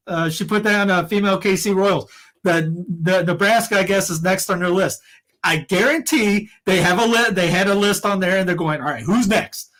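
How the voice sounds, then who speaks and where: A man's voice: high voice, fairly bright tone. A man co-hosting a podcast, talking in a rambling, heated way with many restarts and fillers. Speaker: podcast co-host. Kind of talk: casual opinion chat.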